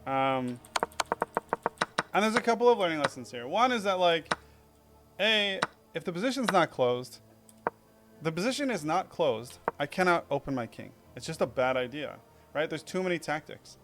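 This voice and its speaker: A man's voice: fairly high pitch, animated, moderate pace, music in the background. A young man casually reviewing his own chess game in a rambling, self-critical way, full of fillers.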